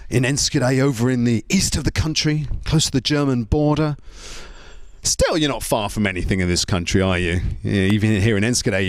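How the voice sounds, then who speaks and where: A man doing a stand-up comedy routine, chatty, leaning on tag questions and stumbling into quick restarts. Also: mid-range voice, dry recording.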